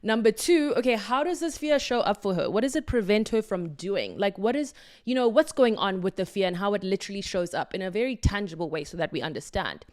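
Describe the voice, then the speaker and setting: A woman hosts her own podcast alone, talking straight to her listeners. Her voice sits at an ordinary middle pitch. She speaks in an effusive, affirming and playful way. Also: animated, a little fast, a little mellow. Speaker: podcast host. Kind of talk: solo podcast monologue.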